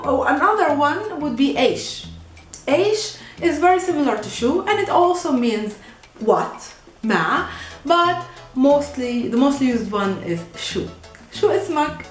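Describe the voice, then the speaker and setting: Lively woman teaching, echoey room. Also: sits high, slow. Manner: lively, laughs at own slips. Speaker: Arabic teacher. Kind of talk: language lesson to camera. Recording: echoey room with faint music.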